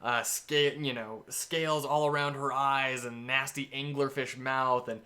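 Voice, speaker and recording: Man, game master, rambling enthusiastic storytelling, bright tone. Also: mid-range voice, fairly even intonation, unhurried. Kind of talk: casual game-prep talk.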